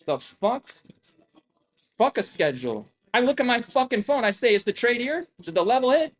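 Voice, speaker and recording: A man's voice: very high voice, lively intonation, a little fast. A young man hosting a trading live stream, ranting with constant swearing, boastful and combative, firing off the same rhetorical questions again and again. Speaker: trading livestream host. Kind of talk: profane live-stream rant.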